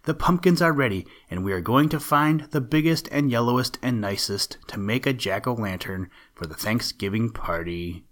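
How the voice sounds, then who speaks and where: A man voicing a crowd of excited children in a storybook reading, eager and lively. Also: on the low side, moderate pace, hardly any pauses, natural voice.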